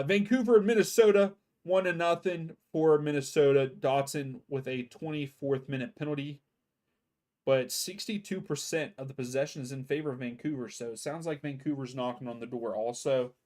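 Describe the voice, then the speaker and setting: A man's voice: medium pitch, a little mellow. A man hosting a soccer watchalong stream from home, chatting loosely through the halftime scores and a little sleepy. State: sleepy, yawning. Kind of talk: casual live-stream commentary.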